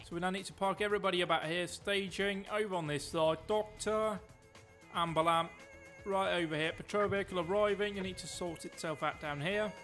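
A man calls out orders in live gameplay commentary, excitable and loud. His voice sits a little high. Faint game music plays underneath. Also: fairly quick. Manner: excitable, talks loud, quips at himself. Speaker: streamer.

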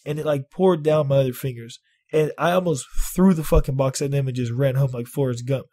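A man vlogging, telling a story in casual, profane talk, animated and exaggerating. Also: medium pitch, brisk. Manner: animated, swears a lot, exaggerates.

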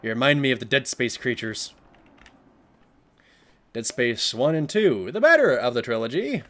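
A man's voice: mid-range voice, sing-song, normal speed, fairly bright tone. A man giving jokey, sarcastic commentary while playing a horror game at home on a desk mic, talking back to the game. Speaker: let's play gamer.

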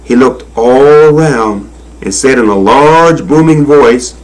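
A man reading a children's storybook aloud in a slow, expressive, sing-song manner. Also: mid-range voice, poor audio. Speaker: narrator.

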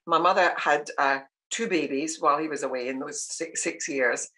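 A woman in her sixties from Scotland, telling family stories in a relaxed interview and laughing often. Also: deep voice, normal speed, low-quality recording. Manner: warm storytelling, laughs often. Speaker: guest. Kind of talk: casual interview chat.

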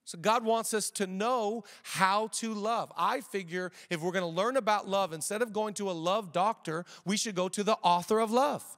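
Man, pastor, middle-aged, high voice, conversational sermon, repeats phrases, church hall echo. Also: normal speed, few pauses, fairly bright tone. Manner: conversational preaching with repetitions and jokes. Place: church auditorium.

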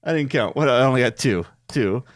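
Sarcastic man with a lively voice. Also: mid-range voice, brisk, no echo. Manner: sarcastic, grumbling commentary. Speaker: board game show co-host. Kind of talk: casual play-through banter.

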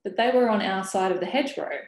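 A woman reading from her own novel, voicing a courteous and bewildered young single mother who tries to smooth things over with a neighbour. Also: mid-range voice, quick pace, darkish tone, lightly acted. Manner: courteous and conciliatory. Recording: roomy webinar audio.

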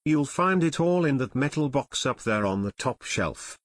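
A scheming male gang boss, played by a man reading aloud. The pitch moves widely and the recording is dry and close. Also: animated, normal speed, no echo, natural voice.

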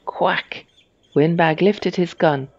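A reader telling a children's storybook in a slow, even storytelling manner. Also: medium pitch, gravelly, no room sound, highs cut off.

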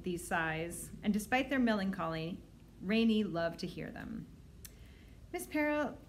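A woman librarian reading a children's novel aloud, expressive and lively, with voices for the characters. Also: medium pitch.

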